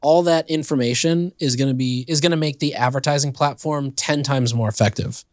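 Male co-host, relaxed blunt chat, dry studio mic. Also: mid-range voice, fairly quick, no room sound. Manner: laid-back, blunt, laughs easily. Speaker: podcast co-host. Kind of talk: casual chat.

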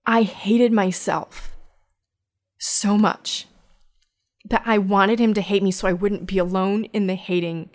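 Speaking in a steady, mid-range voice with a darkish tone, a woman recounts a personal story conversationally. She is open and reflective, though her delivery halts, restarts and repeats words along the way.

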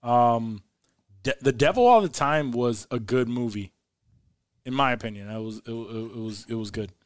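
A man co-hosting a casual podcast, talking in an animated way, laughing often and restarting his sentences. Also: medium pitch, normal speed, no echo. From Hispanic background. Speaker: podcast co-host. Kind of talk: casual chat.

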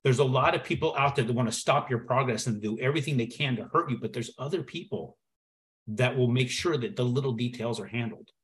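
A man telling a personal story as a podcast guest, acting out the dialogue with lively shifts in his voice. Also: medium pitch, a little fast. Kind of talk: storytelling in conversation.

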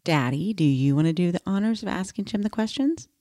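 Una mujer, copresentadora de un pódcast, que charla de forma animada y se ríe a menudo. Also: female voice, fairly low pitch, expressive, brisk, dark tone. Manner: chatty, laughs often. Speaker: co-host. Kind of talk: casual podcast chat.

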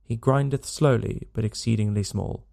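A man's voice: on the low side, normal speed, creaky, mellow. A man doing a nasal, smirking young suitor. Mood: pious.

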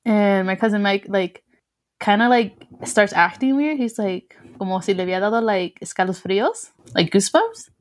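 A woman's voice: mid-range voice, animated, moderate pace. Young woman telling a story. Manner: mixes English and Spanish, swears freely, laughs often. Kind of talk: casual chat.

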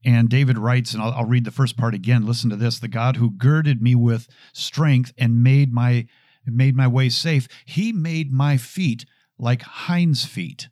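A middle-aged man gives an earnest talk on scripture. He has a mid-range voice and repeats each verse slowly, changing the stress every time. The recording is dry and close, with no room sound. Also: medium pitch, level tone, dark tone, dry recording. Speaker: host.

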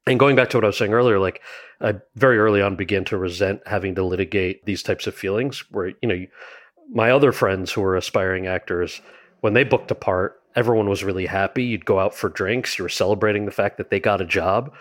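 A man, an actor and writer, telling stories from his career in a casual interview, animated and full of quoted asides. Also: lowish voice, fairly quick. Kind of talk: conversational storytelling.

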